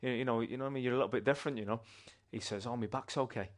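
Man telling a lively testimony. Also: medium pitch, very fast. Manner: animated, conversational storytelling with restarts. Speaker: church member giving testimony. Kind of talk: personal testimony storytelling.

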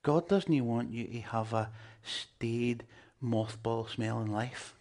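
A man delivers a sermon with a gravelly, creaky texture in his voice. His pitch sits in an ordinary middle register. He leans hard on key words and slips in humorous asides to the congregation. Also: takes it slowly, darkish tone. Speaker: preacher.

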